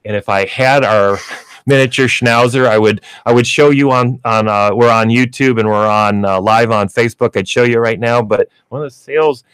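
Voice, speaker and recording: A man's voice: medium pitch, normal speed, a bit bright, clean tone, dry recording. A man hosting a pet store radio show, explaining pet training in a chatty way with lots of fillers, in a radio studio. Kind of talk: radio pet advice talk.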